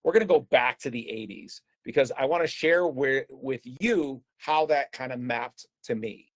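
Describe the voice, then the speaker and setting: A man's voice: medium pitch, normal speed. A man, telling a personal story in a conversational talk with frequent fillers and restarts. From United States. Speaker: speaker presenting a talk.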